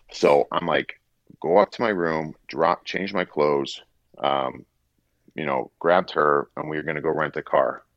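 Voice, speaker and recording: Very deep-voiced man telling a story. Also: dry recording, muffled recording. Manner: rambling, animated anecdote telling with acted-out quotes. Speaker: guest, former hockey player turned broadcaster. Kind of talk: casual storytelling in an interview.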